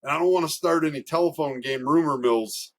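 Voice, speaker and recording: A young man, a racing driver guest, telling stories in a casual, animated way, laughing often and swearing freely. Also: on the high side, fairly quick. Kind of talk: casual storytelling.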